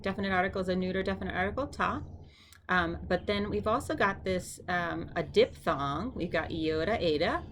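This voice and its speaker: A woman teaching vocabulary in a casual lesson, saying each word slowly several times and adding chatty asides. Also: mid-range voice, a little hiss or hum. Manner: repeats words slowly for the listener, with chatty asides. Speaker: language teacher.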